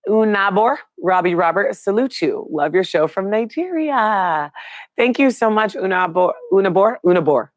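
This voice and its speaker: A woman's voice: mid-range voice, animated, a little slow, dry recording. A middle-aged woman hosting a live online show, chatting casually and upbeat with viewers and reading out their names.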